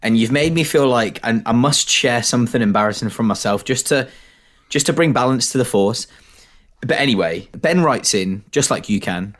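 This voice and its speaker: A man's voice: mid-range voice, moderate pace. A young British man co-hosting a podcast, telling stories in a chatty, self-deprecating way. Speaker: podcast co-host. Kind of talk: casual chat.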